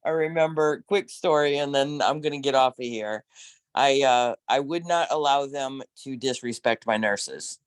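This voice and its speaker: A man who once worked as a corrections nurse, telling stories in a casual discussion with emphatic, animated delivery and frequent laughs. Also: medium pitch, normal speed, smooth, no echo. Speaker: former corrections nurse, guest.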